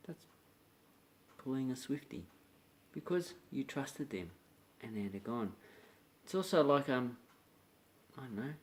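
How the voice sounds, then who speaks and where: An Australian man casually explaining a slang expression to viewers and acting out little scenes. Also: medium pitch. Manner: chatty, uses local slang, acts out little scenes. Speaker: slang teacher. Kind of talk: casual lesson to camera.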